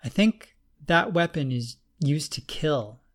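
A man reading an audiobook, voicing a calm, analytical woman who reads psychic auras, in a measured, explanatory way. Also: fairly high pitch. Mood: thoughtful.

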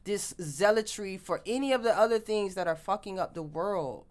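A woman's voice: mid-range voice, moderate pace, darkish tone. A woman in casual chat, talking emphatically and animatedly, swearing freely.

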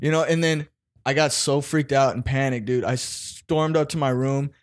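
A man's voice: medium pitch, fairly even intonation, normal speed. A man hosting a casual podcast chat, telling stories animatedly and swearing freely.

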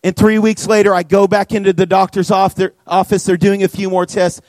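Young male youth pastor with a high voice, preaching earnestly to students in a dry, close recording. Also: fairly quick, no echo. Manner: earnest, animated storytelling with many "like" fillers. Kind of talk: sermon to students. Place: church youth room.

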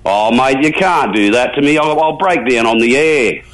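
A man's voice: medium pitch, normal speed, a bit bright, poor audio. An older Australian man calling a talkback radio show, chatty and colourful, jumping from topic to topic. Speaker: regular radio caller. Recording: radio call.

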